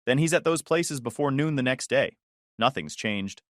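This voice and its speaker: Plainspoken guy friend, voiced by the narrator, lively pitch, no room sound. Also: moderate pace, dry recording, studio quality, lightly acted. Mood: weary. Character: blunt male friend passing on news.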